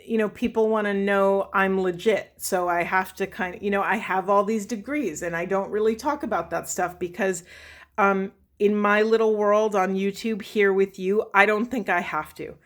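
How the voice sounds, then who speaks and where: A woman's voice: mid-range voice, fairly even intonation, moderate pace. A woman talking through a spiritual tarot reading for her viewers, emotional and often correcting herself as she goes. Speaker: tarot reader.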